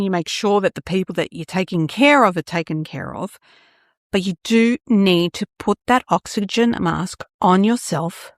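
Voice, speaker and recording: A woman hosting a solo podcast, chatty and animated, acting out little scenes as she talks. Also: medium pitch, no room sound, studio quality. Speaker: astrologer podcast host.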